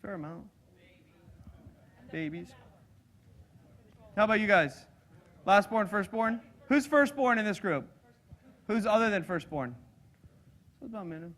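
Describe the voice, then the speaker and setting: A man giving a live sales seminar to an audience, energetic and engaging, acting out personality types as he talks. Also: sits high, a little slow, long pauses. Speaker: sales trainer.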